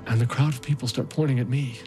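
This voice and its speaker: A man's voice: mid-range voice, steady tone, fast talker, mellow, faint music behind, close to an everyday voice. An actor playing a haunted male rescue volunteer, telling his story in an intense, emotionally raw first-person monologue. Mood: shaken. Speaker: narrator.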